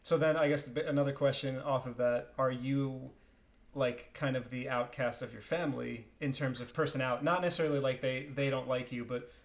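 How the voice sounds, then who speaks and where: A man's voice: mid-range voice, fairly even intonation, a little fast. Rambling male interviewer, mid voice. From New Jersey, United States. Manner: friendly, rambling questions with restarts and laughs. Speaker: interviewer, host. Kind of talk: casual interview.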